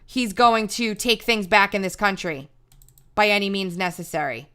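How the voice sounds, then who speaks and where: A woman's voice: medium pitch, expressive, moderate pace, bright, forceful tone, smooth. A woman hosting a news commentary livestream, talking emphatically in a ranting way with frequent restarts. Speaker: political commentary host.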